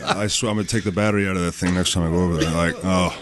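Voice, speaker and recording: A man with a low, monotone voice, chatting casually as a guest in a radio studio and telling rambling stories. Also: rapid-fire, heavy background noise. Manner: laid-back, rambling storyteller. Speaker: radio show guest, pro wrestler. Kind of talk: casual chat.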